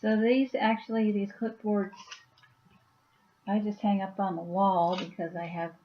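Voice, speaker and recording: A woman's voice: medium pitch, little pitch movement, unhurried, highs cut off, slight background noise. A woman chatting casually on her vlog at home, rambling with many fillers. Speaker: YouTuber and author.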